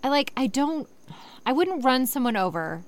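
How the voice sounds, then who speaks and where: A woman's voice: sits high, sing-song, normal speed. Sarcastic woman ranting over a story. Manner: sarcastic, swears freely, rants loudly in bursts. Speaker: online reader and commentator. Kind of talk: reading a story aloud with ranting commentary.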